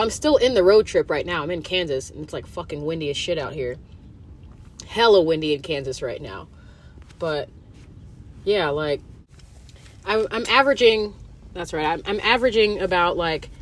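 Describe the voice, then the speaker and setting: A woman with a slightly low voice runs her podcast solo, chatting loosely with plenty of "like" and "um." She swears freely and drifts from point to point. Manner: rambling and profane, full of fillers. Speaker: podcast host. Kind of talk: casual solo monologue.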